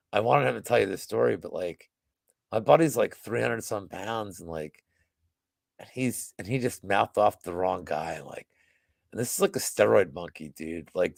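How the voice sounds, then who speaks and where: A man's voice: on the low side, moderate pace, creaky, no echo. A man telling a story in casual chat, rambling with constant fillers and frequent swearing. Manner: rambling, heavy use of "like", swears a lot. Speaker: podcast guest.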